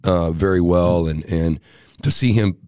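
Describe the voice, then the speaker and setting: Animated storytelling young man. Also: low-pitched, unhurried, clean tone, dry recording, clean studio sound. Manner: animated, acts out voices in anecdotes. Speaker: guest telling stories. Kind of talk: casual storytelling.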